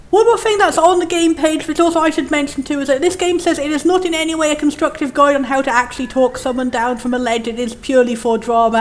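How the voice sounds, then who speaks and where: A young woman giving chatty, enthusiastic and opinionated commentary as she plays a game. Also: high-pitched. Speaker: let's play host.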